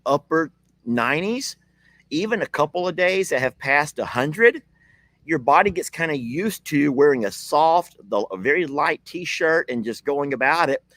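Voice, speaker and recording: Lively man chatting on a ranch live stream. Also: fairly high pitch, unhurried, no room sound. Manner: chatty, laughs often, talks to his dogs and commenters. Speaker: ranch vlogger hosting a live video. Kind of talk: casual live-stream chat with viewers. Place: outdoors at a ranch.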